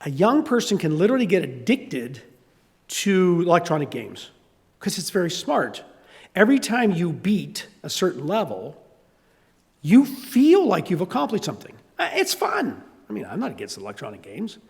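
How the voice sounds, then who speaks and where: A gravelly, high-pitched older man with a Southern US accent preaches at a moderate pace, and a long reverb tail trails his words. As pastor, he tells animated stories and imitates the voices in them.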